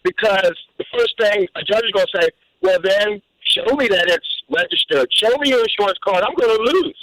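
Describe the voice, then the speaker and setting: High-voiced man telling a story by phone. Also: moderate pace, no echo, poor audio. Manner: animated storyteller, repeats words. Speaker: caller. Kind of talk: telling a personal story on call-in radio.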